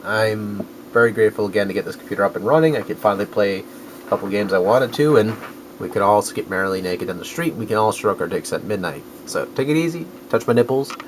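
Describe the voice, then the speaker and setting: A man's voice: fairly low pitch, lively intonation, quick pace, a little hiss or hum, low-quality recording. A man rambling casually in a vlog about his collecting finds, correcting himself often and dropping crude jokes. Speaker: video game collector vlogger.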